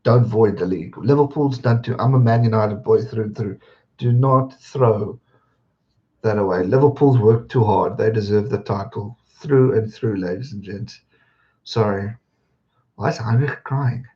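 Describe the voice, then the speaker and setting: A man's voice: fairly low pitch, moderate pace, muffled recording. A man hosting a live stream, chatting casually and greeting viewers by name as he reads their comments.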